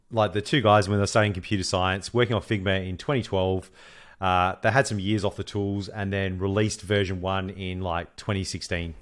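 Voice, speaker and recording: An Australian man with a somewhat low voice, co-hosting a casual podcast. He banters in an upbeat, matey way. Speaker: podcast co-host. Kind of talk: casual chat.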